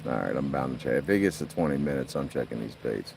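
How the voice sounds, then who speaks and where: A man's voice: rumbling low, lively intonation, fast, gravelly, distant mic, noisy background. A middle-aged man chatting on a phone livestream by a lake, rambling and laughing as he tells stories. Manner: laughs a lot, rambling storyteller. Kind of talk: casual live-stream chat. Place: outdoors by a lake.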